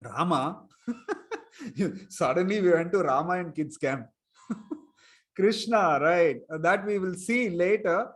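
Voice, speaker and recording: A man's voice: high voice, lively intonation, takes it slowly, pauses often. A man telling a story to children in an online class, chuckling and quizzing them. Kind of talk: storytelling lesson for kids online.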